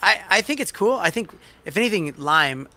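A man's voice: sits high, big pitch swings, normal speed, sharp tone. A man co-hosting a stream, chatting casually and rambling with lots of fillers and restarts. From outside Australia. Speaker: stream co-host. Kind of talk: casual chat.

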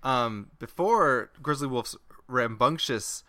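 A man's voice: mid-range voice, expressive, slow pace, bright, forceful tone, no room sound. A young man co-hosting a comedy podcast, chatting in an easygoing, wry way. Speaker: podcast co-host. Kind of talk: casual comedic chat.

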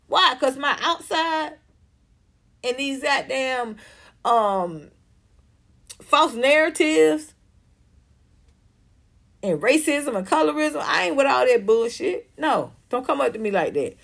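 A woman's voice: high voice, lively intonation, slow pace, creaky, long pauses, a bit bright. A woman hosting a livestream in a casual commentary style. She reads viewer comments aloud and answers them bluntly and emphatically, with plenty of profanity. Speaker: livestream host reading chat comments.

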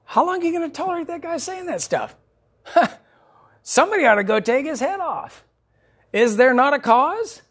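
A man's voice: very high voice, normal speed, pitched above the performer's own voice, exaggerated voice. A preacher putting on a bold shepherd boy. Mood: indignant. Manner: excited and incredulous. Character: young shepherd boy David, bold and indignant.

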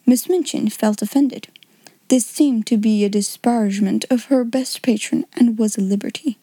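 Woman, audiobook narrator; measured reading, slightly high pitch, close dry recording. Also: mellow, breathy edge, no room sound. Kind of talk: scripted narration.

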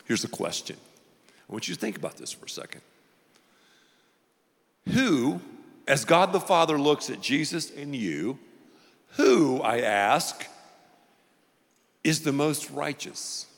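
A man preaching a sermon to a large church crowd, playful and animated, drawing the audience into call-and-response. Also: fairly high pitch, slow, long pauses, big-room sound. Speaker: pastor.

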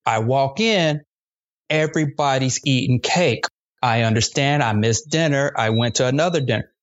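A man's voice: mid-range voice, moderate pace. A male comedian telling a long comic story in a loose, slangy and profane way. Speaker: guest comedian. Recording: dull lo-fi sound.

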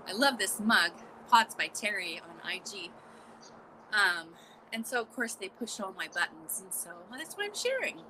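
A woman hosting a casual live morning chat, exclamatory and chatty, with a scratchy throat she keeps clearing. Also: mid-range voice. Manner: chatty, exclamatory, frequent little laughs. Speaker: podcast host.

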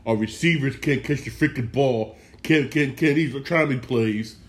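A man in the middle of a fired-up football rant, his voice sitting at an ordinary middle pitch. He circles back over the same points again and again and swears freely. It sounds like a frustrated fan hosting his own sports podcast. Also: moderate pace. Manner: heated, frustrated, repeats himself a lot; profane.

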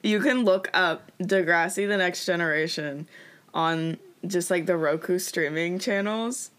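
A young woman, co-hosting a podcast in casual chat, chatty and quick to laugh, her voice still in its morning state. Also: on the low side, fairly bright tone, clear, resonant tone. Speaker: podcast co-host.

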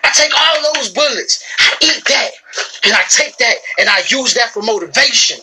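A woman delivering a motivational talk to camera from her shop, emphatic and preachy, hammering the same lines again and again. Her voice sits a little high and comes across bright and forceful. She keeps calling her listeners bro and sis. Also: lively intonation, moderate pace, a little hiss or hum, rough recording. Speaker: business owner.

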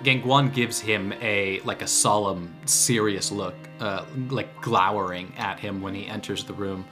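A man narrating as game master in a casual, halting way, full of filler words. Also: lowish voice, fairly even intonation, music in the background.

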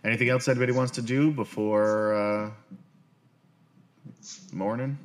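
A man's voice: medium pitch, steady tone, measured pace. A man narrating a tabletop game as game master, rambling with lots of fillers. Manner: rambling, full of fillers, upbeat sign-offs.

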